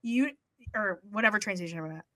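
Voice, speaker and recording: On a dry recording, a young female podcast co-host animatedly relates a story, acting out people's lines and cursing freely along the way. She speaks fairly quickly at a medium pitch.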